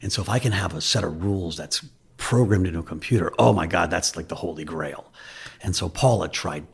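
Low, raspy-voiced man telling stories. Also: brisk. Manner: loose, anecdotal, self-deprecating. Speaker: investor guest. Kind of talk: candid interview storytelling.

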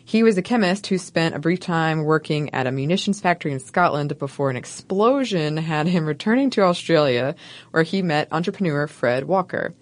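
A woman co-hosting a podcast, narrating a history segment from a script in a wry, playful way with soft laughs. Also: low voice, expressive, normal speed. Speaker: podcast co-host.

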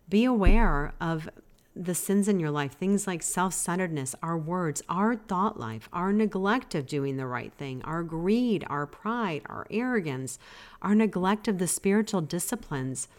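A woman hosting a devotional podcast, teaching in an earnest, gently exhorting way. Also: lowish voice. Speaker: podcast host.

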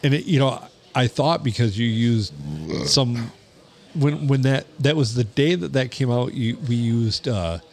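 A man's voice: medium pitch, measured pace. A man co-hosting a podcast in casual chat, telling stories in a rambling way with frequent restarts. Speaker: podcast co-host.

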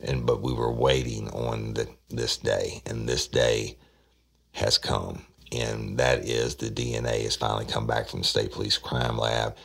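A man's voice: extremely low pitch, gravelly, pushed and bright, husky. A middle-aged man telling a police case in a blunt, profane, conversational way. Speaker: host, former investigator telling a case. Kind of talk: storytelling podcast monologue.

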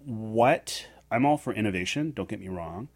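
A man's voice: on the low side, lively intonation, moderate pace. A middle-aged man co-hosting a radio show, rambling and joking in casual chat. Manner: rambling, jokey, slips into silly voices.

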